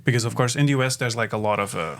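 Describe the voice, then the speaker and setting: Young male podcast host, hesitant, halting, mid-pitched voice. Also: fairly bright tone. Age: young adult. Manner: hesitant, filler-heavy, thinking aloud. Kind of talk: casual chat.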